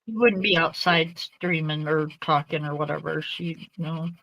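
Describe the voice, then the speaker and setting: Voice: mid-range voice, normal speed, creaky, highs cut off. A co-streamer on a call, chatting casually with joking, teasing asides. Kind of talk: casual chat.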